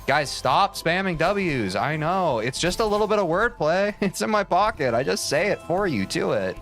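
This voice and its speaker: Jokey, lively male streamer chatting. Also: high-pitched, normal speed, faint music behind. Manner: jokey, rambling, self-mocking, talks to chat. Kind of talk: casual live-stream commentary while playing.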